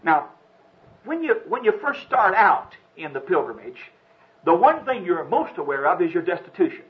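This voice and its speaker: A man's voice: high-pitched, very animated, normal speed. A man preaching an earnest, dramatic sermon, telling a story and reflecting on faith. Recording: dull lo-fi recording.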